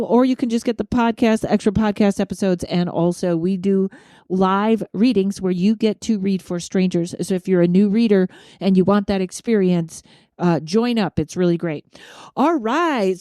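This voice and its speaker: A woman's voice: mid-range voice, dark tone, clear, resonant tone, dry recording, studio quality. A woman hosting a podcast in casual chat, chatty and self-mocking, laughing often. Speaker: podcast host.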